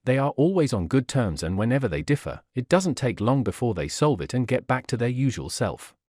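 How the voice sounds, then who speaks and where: A man narrating a drama story in a steady, plain storytelling manner. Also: mid-range voice, fairly quick, no room sound, studio quality. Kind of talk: scripted narration.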